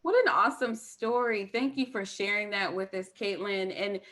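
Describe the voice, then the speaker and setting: A woman's voice: medium pitch, moderate pace, fairly bright tone. A woman hosting an interview podcast who thanks her guest and asks thoughtful, open questions. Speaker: podcast host.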